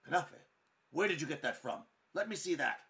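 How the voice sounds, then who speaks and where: Man as boastful old baklava chef, low voice, loud and touchy. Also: fairly quick. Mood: indignant. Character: proud heavy-set older male baklava chef.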